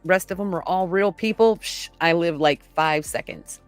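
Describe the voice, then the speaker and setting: A woman's voice: on the low side, moderate pace, no echo, soft background music. A middle-aged woman, a mother, talking openly and chattily in casual podcast conversation. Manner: candid, chatty storytelling.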